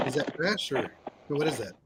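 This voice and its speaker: A man hosting a casual livestream and teasing his guests, with laughter never far away. His voice sits a bit high and swings widely in pitch. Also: very noisy. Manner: joking, teasing, laughs often. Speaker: livestream host. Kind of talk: casual chat.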